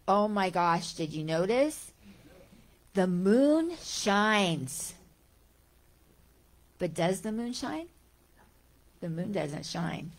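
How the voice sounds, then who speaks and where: A middle-aged woman giving a gentle, conversational spiritual talk, full of rhetorical questions and small restarts. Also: mid-range voice, animated, slow, pauses often. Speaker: spiritual teacher. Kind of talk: talk on Vedanta teaching.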